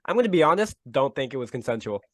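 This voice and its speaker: A man player in a tabletop game, cracking quick jokes and rolling dice. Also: mid-range voice, sing-song, fairly bright tone, no room sound, studio quality. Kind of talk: casual play chat.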